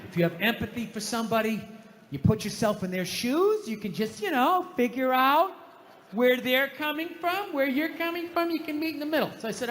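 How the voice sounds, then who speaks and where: A man's voice: sits high, noisy background. A middle-aged man doing a stand-up comedy set, telling profane, exasperated stories in a ranting way. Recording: live stage recording with hall reverb.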